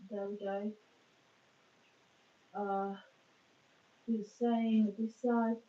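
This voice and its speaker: On a live stream from her phone, a woman talks in a chatty, rambling way and pokes fun at herself. Her mid-range voice is mellow and flat, and she speaks extremely slowly. She sits far from the phone mic, so the recording is dull and echoey.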